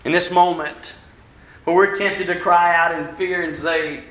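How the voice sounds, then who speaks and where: A man preaching a sermon as pastor, animated, acting out the voices of the people he quotes. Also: sits high, a little slow. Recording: roomy church echo.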